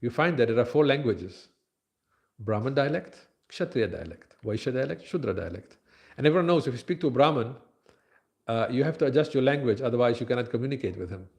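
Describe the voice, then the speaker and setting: A man giving a conversational scripture lecture at a temple, with frequent fillers and pauses. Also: medium pitch, expressive, gravelly, darkish tone.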